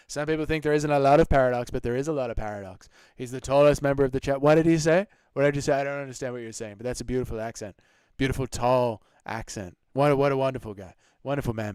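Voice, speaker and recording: A man's voice: medium pitch, smooth, no echo. A young Australian man hosting a casual live Q&A, reading out chat and joking crudely with lots of swearing. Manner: crude, joking, swears a lot, laughs often. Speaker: livestream host.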